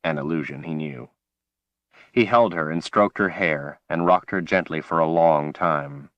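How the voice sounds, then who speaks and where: A man narrating a fantasy audiobook with a measured, dramatic delivery. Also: extremely low pitch, dry recording, highs cut off.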